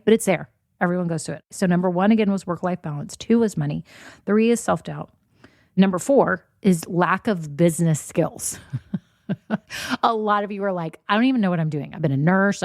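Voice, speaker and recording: A woman's voice: on the low side, creaky, dark tone, no room sound, studio quality. Candid, encouraging woman podcast host. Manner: candid, encouraging, quotes listeners' worries; says y'all. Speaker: podcast host and business coach. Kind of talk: solo podcast monologue.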